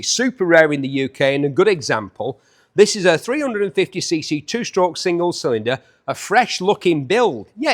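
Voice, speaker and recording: A man's voice: a little high, a bit bright. A man in his fifties hosting a chatty, jokey walkaround preview of bikes up for auction. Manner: chatty, enthusiastic, jokey asides.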